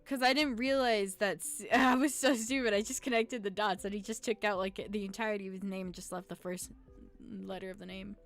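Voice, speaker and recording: A young adult woman streaming a game, chatting casually in an excitable, slangy way and quick to laugh and groan. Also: mid-range voice, faint music behind. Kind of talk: casual live-stream gameplay commentary.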